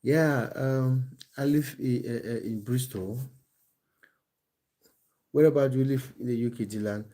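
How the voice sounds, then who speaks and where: Speaking slightly slowly with medium pitch and fairly even intonation, a football coach and live streamer chats with viewers from home in England, reading their comments on his phone. His soft, mellow voice pauses often, and his talk is hesitant, with restarts and fillers like um.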